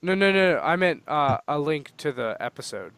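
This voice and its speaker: A man co-hosting a podcast in casual chat, animated and quick to argue his point. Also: a little high, clear, resonant tone, no room sound. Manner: animated, talks over others, laughs often. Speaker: podcast co-host.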